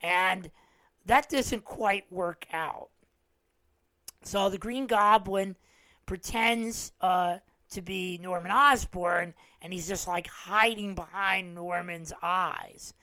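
A man's voice: sits high, slow pace, pushed and bright, no room sound, poor audio. A man talks through a film plot in a loose, rambling way, stumbling over restarts and fillers as he goes. His voice sounds dry and close, with no room around it. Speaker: podcast host. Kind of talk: casual movie recap.

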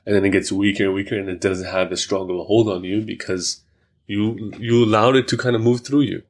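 A man's voice: on the low side, fairly even intonation, a little fast. A man hosting a podcast, talking casually and reflectively, with lots of fillers and worked examples. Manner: reflective, many fillers, talks through examples. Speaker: podcast host. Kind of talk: casual conversation.

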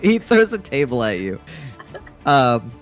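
A man's voice: medium pitch, very animated, a little slow. A man runs a tabletop game, his voice bouncing up and down as he narrates the action. He keeps breaking into laughter mid-sentence. Faint music plays underneath. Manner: laughs often while narrating. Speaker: game master.

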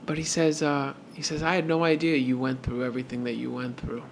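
A man co-hosting a podcast, telling a story in a casual, animated way and acting out both sides of the conversation. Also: medium pitch, fairly quick, gravelly, a little hiss or hum. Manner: animated retelling with repeated "and I'm like". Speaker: podcast co-host.

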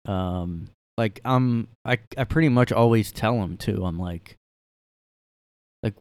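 A man's voice: on the low side, takes it slowly, darkish tone, clear, resonant tone. A young man hosting a casual solo podcast from his room, rambling and sarcastic with lots of fillers. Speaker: podcast host.

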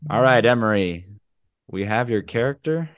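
A man's voice: mid-range voice, expressive, normal speed, a crowd in the background. A man hosting a casual guessing game for friends, teasing the players and moving the game along. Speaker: game host.

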